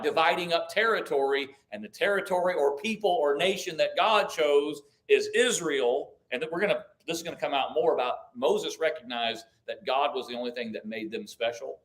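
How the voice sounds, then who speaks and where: A man with a fairly high, slightly bright voice leads a conversational Bible study at church. He thinks out loud and restarts his sentences, reads verses, and puts questions to the group.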